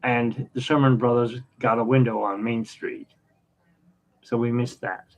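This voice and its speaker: A man in his fifties hosting a podcast, rambling through anecdotes in a casual, halting way with many fillers. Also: mid-range voice, fairly even intonation. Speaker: podcast host. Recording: dull lo-fi sound.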